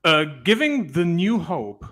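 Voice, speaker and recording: A man with a fairly high, very animated voice talks in a casual online panel. He restarts his sentences as he goes. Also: unhurried. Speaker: panel guest. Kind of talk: casual livestream chat.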